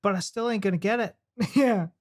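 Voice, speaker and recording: A woman's voice: medium pitch, a little fast. An American woman hosting a reaction video, chatty and bubbly with frequent laughs. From United States. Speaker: reaction channel host. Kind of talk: casual reaction chat.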